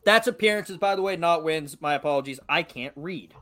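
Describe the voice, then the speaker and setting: A man's voice: fairly high pitch, brisk, pushed and bright. A young man from Massachusetts with a light local accent, co-hosting a podcast in casual, joking chat and swearing freely. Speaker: podcast co-host.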